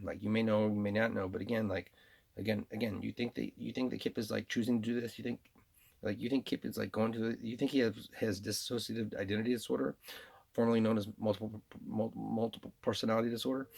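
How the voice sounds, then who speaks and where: A man's voice: fairly low pitch, creaky, a little mellow, slightly rough. A man vlogging in a rambling monologue, full of restarts and repeated words.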